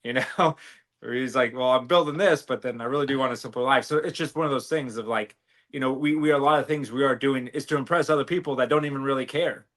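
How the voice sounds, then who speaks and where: A man's voice: medium pitch, fast talker, a bit bright. Podcast guy just riffing, lots of um and you know, restarts sentences, medium voice. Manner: rambling, many fillers and restarts. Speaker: podcast co-host. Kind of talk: casual chat.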